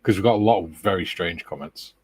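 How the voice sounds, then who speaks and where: A man co-hosting a relaxed hobby session, reading viewer comments aloud in an easygoing way. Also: low voice, a little fast, breathy edge, no echo. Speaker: co-host reading chat. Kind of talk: casual chat while model building.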